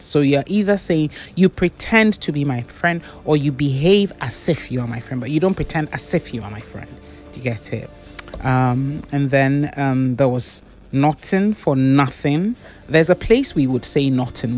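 A woman's voice: sits low, darkish tone. A woman, a diction and public speaking coach giving corrective feedback on debaters' pronunciation.

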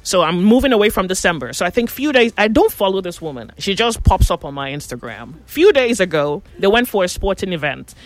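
Woman co-host, gossipy storyteller, lively delivery, dry close sound. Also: mid-range voice, brisk, hardly any pauses, no room sound. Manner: animated gossipy storyteller, acts out quotes. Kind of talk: casual chat, storytelling.

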